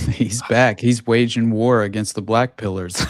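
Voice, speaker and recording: Low, flat-voiced male podcast host. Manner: halting, many fillers and restarts. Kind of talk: casual podcast conversation.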